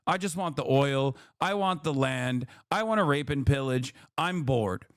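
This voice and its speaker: A man's voice: medium pitch, lively intonation, unhurried, clear, resonant tone, dry recording, studio quality, close to an everyday voice. A man putting on a mocking voice of a blunt, greedy president who openly admits his motives. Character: mock president, blunt, greedy, brazenly self-pitying.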